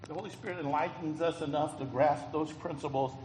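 A man preaching a folksy, emphatic sermon, with a slightly higher voice that swells loud on key phrases. He sounds echoey, with a long hall reverb and faint room noise behind him. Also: fairly even intonation, a little fast. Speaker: pastor.

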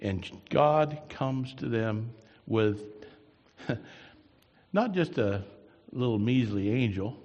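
A man preaching a sermon as a pastor, telling stories that swing from soft asides to loud, emphatic bursts, recorded in a church. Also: medium pitch, lively intonation, slow, long pauses, dull audio. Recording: long reverb in a hall.

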